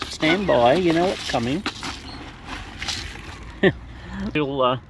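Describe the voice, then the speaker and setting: A woman's voice: low-pitched, expressive, takes it slowly, pauses often. A woman talking baby-talk to the wild birds she is feeding, in a casual, cooing way. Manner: coos and baby-talks to birds. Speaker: bird feeder filming wild birds. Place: outdoors among birds. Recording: noisy outdoor recording with birds.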